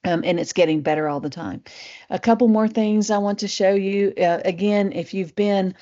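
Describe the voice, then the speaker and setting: A woman's voice: medium pitch, moderate pace, mellow. A middle-aged woman with a Southern Appalachian accent, presenting a casual live webinar in a chatty way, full of fillers and restarts. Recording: muffled lo-fi webinar audio.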